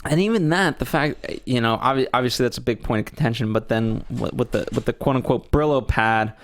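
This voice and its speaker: A man's voice: mid-range voice, a little fast. A man co-hosting a movie review show, talking casually and rambling with frequent restarts. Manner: rambling, with many restarts, animated. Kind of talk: casual film review chat.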